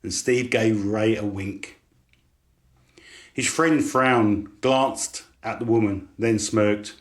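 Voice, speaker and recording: A man calmly narrating his own short story. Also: lowish voice, slow pace, reverberant. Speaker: author narrating.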